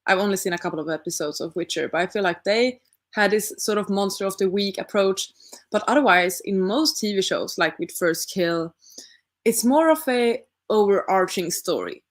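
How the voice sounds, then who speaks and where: A woman's voice: medium pitch, moderate pace. A young woman casually chatting with her stream audience, thinking aloud and asking rhetorical questions. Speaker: livestream host reading chat. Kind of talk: casual chat.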